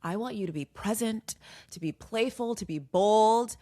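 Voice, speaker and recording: A young woman hosting a podcast, giving casual dating advice in an animated, emphatic way and repeating points for effect. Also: medium pitch, moderate pace. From New York. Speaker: podcast host.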